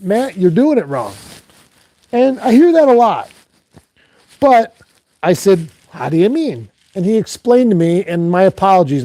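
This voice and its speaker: Rambling male fishing guide, mellow tone. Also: sits high, dry recording. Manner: rambling, with many "um"s and restarts. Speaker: fishing guide and live-stream host. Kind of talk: casual live chat reading viewer comments.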